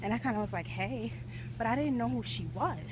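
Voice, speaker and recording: Fairly high-pitched, expressive, and brisk, a woman talks over background noise during a casual vlog. She's outside walking uphill in the heat, a bit breathless, rambling passionately and filling gaps with lots of fillers.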